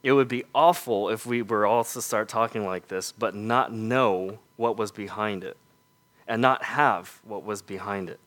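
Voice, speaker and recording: A male preacher delivering a sermon in a low voice. He talks slowly and deliberately and asks his listeners one rhetorical question after another. On his key points his voice falls soft and quiet. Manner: earnest, rhetorical questions, drops to soft emphatic lows.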